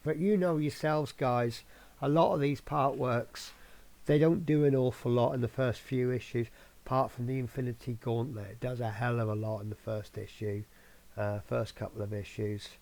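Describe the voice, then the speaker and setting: A man's voice: mid-range voice, steady tone, moderate pace, vocal fry, a little mellow. A man hosting his own scale model channel, giving a rambling, chatty update full of ums. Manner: rambling, filler-heavy, chatty.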